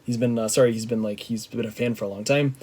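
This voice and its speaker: A young man from Canada, a vlogger, telling a rambling, excitable story to camera, full of fillers and restarts. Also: mid-range voice, fast.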